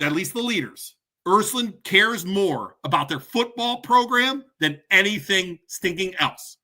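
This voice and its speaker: An adult man, a parent and coach who hosts a podcast, delivers a furious ranting monologue to camera full of punchy repetition. His voice sits high, with a bright, forceful tone.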